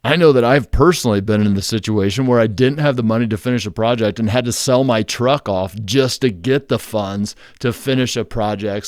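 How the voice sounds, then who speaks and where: A man's voice: fairly low pitch, a little mellow, no echo, studio quality. A man, hosting a real estate investing channel, explaining in a blunt, conversational and emphatic way. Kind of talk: casual explainer to camera.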